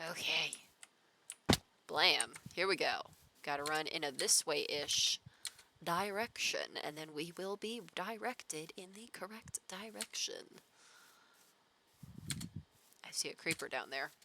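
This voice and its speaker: A woman's voice: sits low, unhurried, background noise. A young woman streaming a building game, chatting, reading chat messages aloud and talking to herself as she plays. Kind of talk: casual gameplay commentary.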